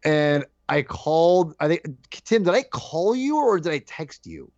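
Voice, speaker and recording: A man in casual podcast chat, telling an animated story and acting out his own shouted lines. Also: a little high, a little slow, dry recording. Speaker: podcast guest co-host. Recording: dull lo-fi dry sound.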